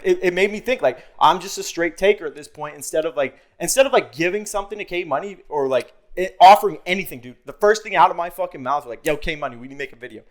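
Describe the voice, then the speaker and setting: A man telling a story on a podcast, casual and profane, acting out what he and others said. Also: sits high. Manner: animated, profane, acts out his own quotes. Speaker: podcast guest.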